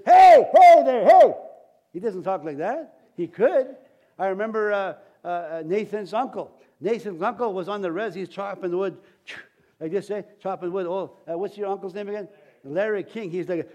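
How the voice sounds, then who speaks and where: A man's voice: high voice, moderate pace, a little mellow. A man preaching a sermon as pastor, in a folksy, rambling way with many restarts.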